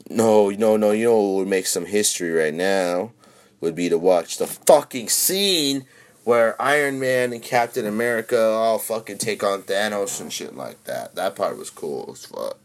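Deep-voiced, foul-mouthed young man. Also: moderate pace. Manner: excitable, swears constantly, swings from mumbling to shouting. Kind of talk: casual profane livestream chatter.

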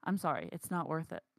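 A woman's voice: sits low, creaky, fairly bright tone, dry recording. A woman who works as a barista, co-hosting a casual podcast and venting frankly. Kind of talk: casual chat.

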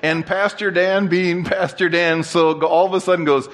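A man preaching a sermon as pastor, telling a story in a lively, joking way and repeating phrases for emphasis. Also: sits high, normal speed, hardly any pauses, background noise. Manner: animated, jokey storyteller who repeats and restarts phrases.

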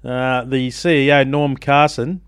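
An Australian man hosting breakfast radio, telling stories in a jokey, animated way with frequent laughs. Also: medium pitch, unhurried, smooth, no echo, clean studio sound. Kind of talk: casual radio chat and storytelling.

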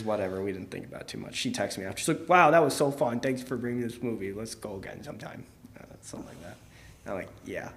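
A young man co-hosting a podcast, telling a long story in a casual, rambling way, full of fillers and laughs. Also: fairly low pitch. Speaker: podcast co-host.

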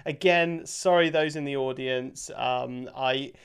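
A man's voice: medium pitch, slow pace, smooth. A British man hosting a casual interview, chatty and full of fillers, laughing easily. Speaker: podcast host.

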